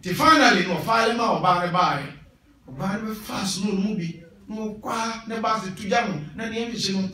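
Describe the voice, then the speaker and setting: A man with a Ghanaian accent preaching a sermon, switching between Twi and English with animated, emphatic delivery. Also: sits high, a little fast. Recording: echoey hall from a distance.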